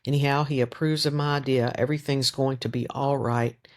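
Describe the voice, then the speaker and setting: A man's voice: medium pitch, steady tone, a little fast, lightly acted. A man reading the lines of a fierce, protective peasant woman who makes cold, cutting threats in an audiobook. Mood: reassuring.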